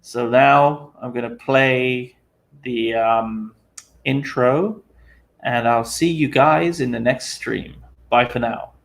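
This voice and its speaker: Young male streamer from the UK: slow, gravelly, tired, casual and chatty. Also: medium pitch, a little hiss or hum. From United Kingdom. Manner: relaxed, chatty, many fillers, laughs easily. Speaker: live stream host. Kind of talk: casual live-stream chat.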